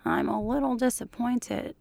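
A woman reading the part of an eager middle-aged man, speaking in a soft, breathy half-whisper in a fan fiction audiobook. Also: on the high side, fairly even intonation, measured pace, pitched above the performer's own voice. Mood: hushed, eager.

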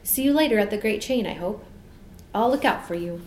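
A woman's voice: medium pitch, animated, a little fast, darkish tone, close to an everyday voice. Storybook lion, male, proud and genial, put on by a woman narrator; echoey room, faint hiss.

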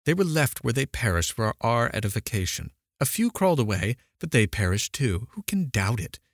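A man's voice: mid-range voice, very animated, moderate pace, no echo, clean studio sound, pitched above the performer's own voice. A man reading an audiobook, voicing a stern, dismissive middle-aged mother who questions coldly. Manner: cold, questioning.

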